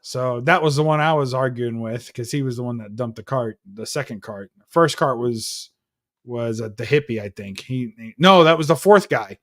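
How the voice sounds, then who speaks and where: Male host, mid pitch, profane storyteller, dry sound. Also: moderate pace, a bit bright, dry recording. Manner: profane, heated storytelling with acted-out quotes. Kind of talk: casual chat.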